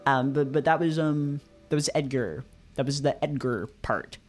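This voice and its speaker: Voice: medium pitch, moderate pace, faint music behind. A visual novel reader reading aloud and commenting casually, rambling and hesitant with frequent fillers and restarts.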